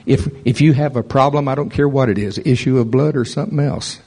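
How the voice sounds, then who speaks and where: A man's voice: medium pitch, fairly quick, husky. A man preaching a sermon as pastor, talking conversationally and building in energy. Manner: conversational preaching, rising animated toward the end.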